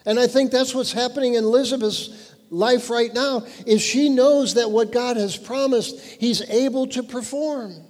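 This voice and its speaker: A man preaching a sermon, earnest and emphatic, dropping lower and quieter when he reads scripture. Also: normal speed. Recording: long hall reverb.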